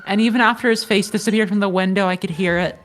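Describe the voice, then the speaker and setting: A woman's voice: mid-range voice, fairly even intonation, fast, slight background noise. Woman narrating a story in first person. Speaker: podcast co-host.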